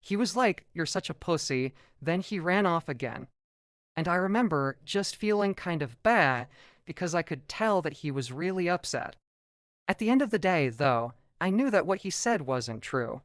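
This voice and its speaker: A man's voice: fairly high pitch, a bit bright, no echo, clean studio sound. A man casually narrating a first-person story from his school days in a conversational tone.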